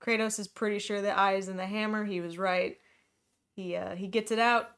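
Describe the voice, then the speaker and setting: A woman hosting a book club podcast, casually retelling a plot with quick, jokey asides. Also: medium pitch, fairly even intonation, fairly bright tone, smooth. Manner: quick, jokey retelling with playful voiced quotes.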